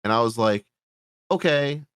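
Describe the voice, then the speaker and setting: A man's voice: fairly low pitch, moderate pace, a bit bright, no echo, clean studio sound. A man hosting a podcast, reviewing a horror movie in a casual, sarcastic, rambling way, swearing often. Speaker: podcast host.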